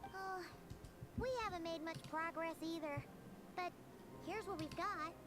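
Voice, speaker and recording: A woman's voice: very high voice, steady tone, measured pace. A woman voicing a tiny, bubbly, teasing fairy-like companion in a video game. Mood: eager.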